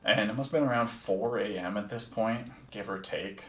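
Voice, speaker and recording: With a fairly low, slightly bright voice, a man hosting a podcast recounts a personal story at a moderate pace. He's candid and reflective, swears freely, and keeps the first-person storytelling casual. The mic is distant, and the recording sounds roomy.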